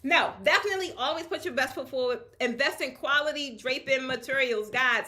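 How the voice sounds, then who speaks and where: In a high-pitched voice that moves a little fast, a woman discusses her draping business with an audience of peers. She's relaxed and lively, laughing often and driving her points home in plain, colloquial speech.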